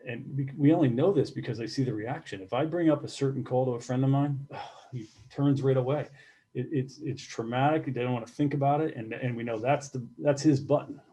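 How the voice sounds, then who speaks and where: Middle-aged guy, ex fire captain, talks slow and halting, keeps repeating himself, mellow low-key voice. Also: rough recording. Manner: halting, repeats words, reflective. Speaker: retired fire captain, guest. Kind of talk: candid interview.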